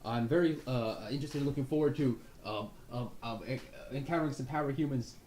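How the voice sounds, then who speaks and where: A man's voice: mid-range voice, darkish tone, close to an everyday voice. A man voicing a hyperactive, overeager young male recruit who stammers and repeats himself. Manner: stammering, rapid repeated yeses.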